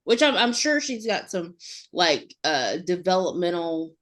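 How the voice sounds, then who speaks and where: A woman's voice: on the low side, sing-song, measured pace, a bit bright. A woman co-hosting a podcast in casual chat, rambling with lots of fillers and restarts. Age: adult mother. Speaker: podcast co-host.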